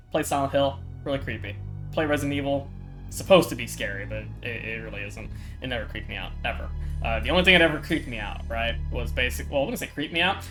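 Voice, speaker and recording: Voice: medium pitch, a bit bright. A player giving casual, rambling commentary over a video game, swearing freely and laughing often. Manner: laughing, profane, rambling asides. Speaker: let's play commentator.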